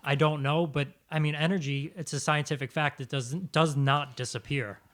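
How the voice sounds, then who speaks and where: A man's voice: on the high side, steady tone, normal speed, a bit bright. Man musing in casual chat.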